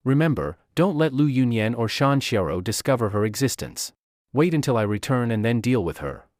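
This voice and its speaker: A man's voice: medium pitch, big pitch swings, normal speed, dry recording, clean studio sound, lightly acted. A man doing a smug mocking young lord. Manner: sneering, teasing.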